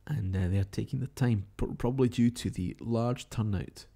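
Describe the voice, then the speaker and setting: Hosting live overnight results in a radio-style broadcast, a Scottish man chats, muses and reads out tweets, updates and messages. He speaks at normal speed with a fairly low, gravelly, warm-toned voice.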